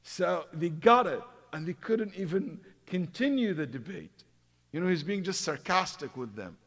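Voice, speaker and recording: A man giving a religious lecture, acting out stories and swinging between loud emphasis and hushed asides. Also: high voice, lively intonation, moderate pace. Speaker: imam giving a Quran commentary class. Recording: long hall reverb.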